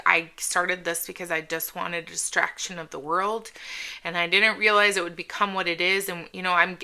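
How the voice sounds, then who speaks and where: A woman's voice: mid-range voice, bright, forceful tone. A middle-aged woman chatting casually at home in a rambling, self-interrupting way as she reviews products for her channel. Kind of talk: casual haul vlog chat.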